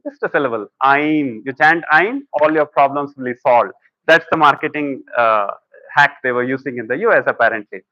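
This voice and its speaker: A man's voice: medium pitch, fairly quick, no room sound, dull audio. A man giving a conversational spiritual lecture, often telling stories and quoting people. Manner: conversational, storytelling with acted quotes. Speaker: speaker at a talk.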